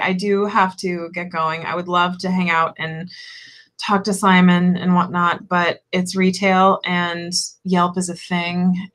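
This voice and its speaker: A woman's voice: lowish voice, a bit bright. A woman shop owner chatting casually on a tarot livestream, rambling and giggly, with lots of fillers.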